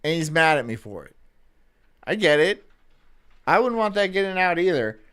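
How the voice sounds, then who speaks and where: A man's voice: fairly high pitch, sing-song, moderate pace, a bit bright, clean tone. A young man streaming on a headset mic, chatting casually in a joking, defensive way and laughing often. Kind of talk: casual livestream chat.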